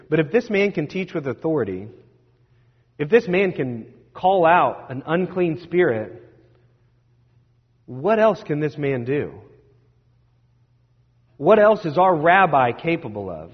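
Husky-voiced preacher in an echoing hall. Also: male voice, on the high side, expressive, unhurried, pauses often. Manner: conversational storytelling preaching with rhetorical "right?". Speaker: pastor. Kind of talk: sermon. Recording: dull sound with long hall reverb.

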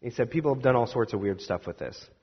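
A male minister tells a story from the pulpit, hesitating and restarting, then slipping into the voices of the people he quotes. His voice has a husky edge and sits at a middle pitch. It is heard through a dull, lo-fi recording with a long hall reverb. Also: lively intonation, fast. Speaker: Presbyterian minister. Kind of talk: sermon storytelling.

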